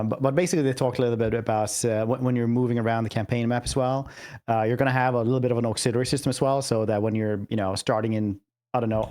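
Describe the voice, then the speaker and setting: A man with a Scandinavian accent hosting a casual gaming podcast, deadpan and joking. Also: mid-range voice. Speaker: podcast host.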